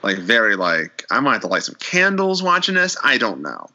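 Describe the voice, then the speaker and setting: A man in a casual podcast chat, retelling a horror episode with animated storytelling and acting out the characters' lines. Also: mid-range voice, normal speed, highs cut off.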